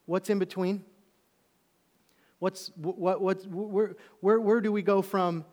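Animated preacher man in a reverberant hall. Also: a little high, moderate pace. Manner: animated storytelling, swings from loud to hushed. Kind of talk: sermon. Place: church auditorium. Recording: long reverb of a large hall.

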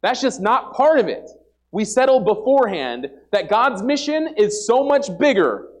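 A man's voice: very high voice, sing-song, moderate pace. A young man preaching an informal sermon to a church congregation, earnest and emphatic, often repeating himself and using "like" as a filler. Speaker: lay preacher. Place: church service before a congregation.

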